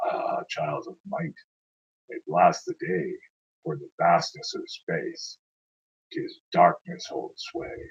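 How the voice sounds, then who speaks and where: Man, lowish husky voice, declaiming his own verse, then chatting loosely between poems; dull lo-fi recording. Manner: dramatic, declaiming recitation. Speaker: poet reading his own work. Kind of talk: poetry reading with chatty asides.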